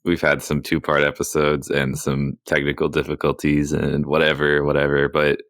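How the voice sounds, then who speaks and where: A man's voice: extremely low pitch, monotone, normal speed, fairly bright tone, no room sound. A man co-hosting a podcast, talking in a dry, matter-of-fact casual way. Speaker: podcast co-host.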